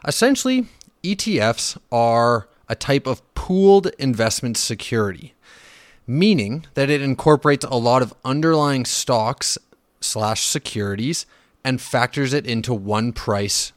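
A man's voice: medium pitch, measured pace, dry recording, studio quality. Blunt, profane male podcast host. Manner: animated when riled, with fillers and restarts. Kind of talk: casual solo finance podcast.

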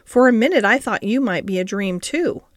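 A woman's voice: mid-range voice, animated, normal speed, no room sound, studio quality, natural voice. A woman voicing a blunt, curious young girl in an audiobook, direct and questioning.

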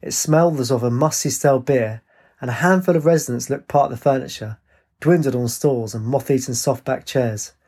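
A man narrating an audiobook in an even, measured way. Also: medium pitch, husky.

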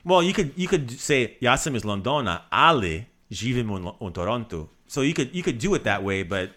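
A man co-hosting a podcast, patiently teaching a friend Croatian phrases in a casual lesson and repeating them slowly. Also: mid-range voice, big pitch swings, bright, forceful tone.

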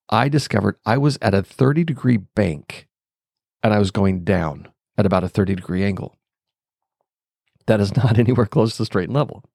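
Low-voiced man musing aloud. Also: gravelly, darkish tone, no echo, clean studio sound. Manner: unscripted, thinking aloud with fillers and chuckles. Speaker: podcast host. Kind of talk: reflective storytelling monologue.

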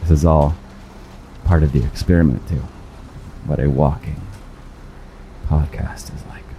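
A man's voice: extremely low pitch, steady tone, unhurried, warm tone, dull audio. A man hosting a flirty, rambling walking podcast outdoors, slightly out of breath, laughing often. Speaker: podcast host. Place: outdoors on busy city streets. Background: traffic and construction noise.

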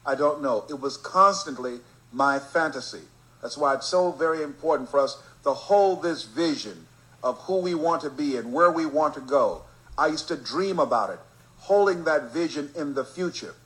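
A man from Miami giving a storytelling motivational speech, emphatic and rhythmic, slowing down to stress key phrases. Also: a little high, fairly bright tone, rough recording. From Miami, Florida. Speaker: motivational speaker.

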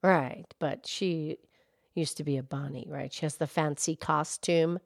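Woman doing Mildred, a calm cow co-host. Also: low voice, a little slow, vocal fry, dry recording, studio quality, full character voice. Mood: gentle. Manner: gentle, reassuring, explains facts patiently. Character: calm, kindly, knowledgeable female cow co-host. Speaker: podcast co-host. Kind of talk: in-character kids' podcast chat.

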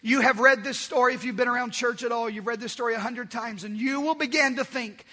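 A male pastor preaching a sermon, emphatic and repeating key phrases, swinging from loud declarations to hushed asides. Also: very high-pitched, fairly quick.

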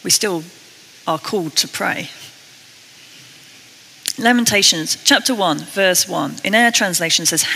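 British woman, sermon, bright clear tone, earnest, long hall reverb. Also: on the low side. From Britain. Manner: earnest, self-deprecating, reads scripture slowly. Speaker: preacher.

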